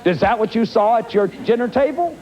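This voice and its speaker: Fifties male lecturer, high and lively voice, dull lo-fi recording. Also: a little fast, a faint crowd. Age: 50s. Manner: animated, acts out examples, frequent restarts. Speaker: therapist and lecturer. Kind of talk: self-help lecture.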